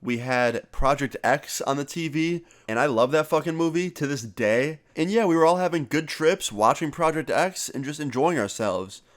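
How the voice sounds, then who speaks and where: A young man vlogger telling a story in a casual, animated way and swearing freely. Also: fairly high pitch, moderate pace, hardly any pauses.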